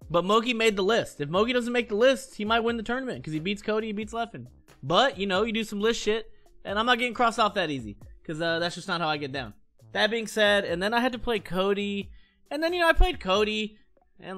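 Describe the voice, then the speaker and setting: A man in his thirties rants heatedly during casual chat on his stream, his voice high, bright and forceful. He rambles fast, swears a lot and keeps restarting his sentences.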